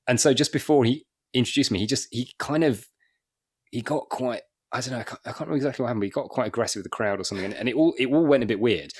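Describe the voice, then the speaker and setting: Fast-talking rambling man comedian. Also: mid-range voice, slightly rough. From Wakefield, England. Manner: rambling anecdotal storytelling with restarts and chuckles. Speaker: guest comedian. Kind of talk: casual podcast chat.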